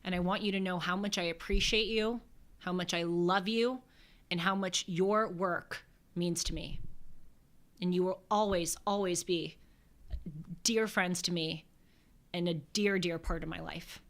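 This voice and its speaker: A young woman, the show's host, giving a heartfelt, tearful farewell in a soft voice. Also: fairly low pitch, fairly even intonation, a little slow, long pauses. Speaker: podcast host. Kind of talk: emotional farewell address.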